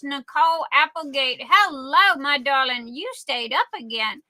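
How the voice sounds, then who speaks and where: A woman's voice: high-pitched, unhurried, hardly any pauses, sharp tone, no echo. A woman with a Southern accent hosting a casual livestream, rambling and chatty as she greets viewers by name with endearments like darling and sweetheart. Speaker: livestream host.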